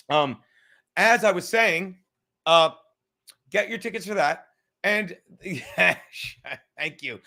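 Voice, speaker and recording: A man's voice: high-pitched, creaky, pushed and bright. A man hosting a livestream podcast in a casual, rambling, profane way, reading chat comments aloud as he goes. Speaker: podcast host.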